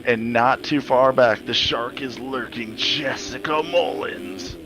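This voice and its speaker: A man's voice: mid-range voice, slow pace, over music, rough recording. A man giving casual, joking play-by-play commentary on a simulated motocross race, swearing freely. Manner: joking, profane, excitable.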